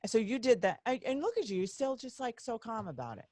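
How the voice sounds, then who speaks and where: A woman hosting a casual interview, talking in an animated, exclaiming way. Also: fairly high pitch, fast talker. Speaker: podcast host.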